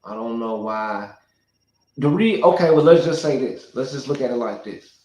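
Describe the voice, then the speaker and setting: A man's voice: medium pitch, expressive, normal speed, darkish tone. Man, solo monologue, rambling, thinks aloud, restarts sentences, roomy echo. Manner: loose, speculative, thinking aloud with many restarts. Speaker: YouTuber.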